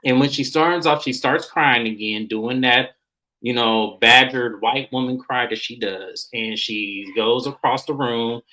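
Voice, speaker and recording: The voice is bright and forward, at a middle pitch, and the talk is loose and slangy. This vlogger recaps a reality show episode in a chatty way. They slip into quick impressions of the cast as they go. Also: low-quality recording. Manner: chatty, acts out quoted lines in shifting voices; slangy, informal phrasing. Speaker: recap reviewer.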